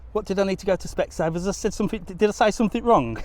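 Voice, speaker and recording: A man's voice: high-pitched, very fast. A man chatting casually to a live audience as he walks outdoors by a harbour, rambling through stories and laughing often. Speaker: travel vlogger. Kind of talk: casual live-stream chat.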